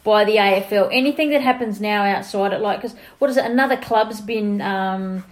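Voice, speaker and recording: A woman's voice: medium pitch, brisk. A woman with an Australian accent co-hosting a casual chat, chatty and teasing, laughing often. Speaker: podcast co-host.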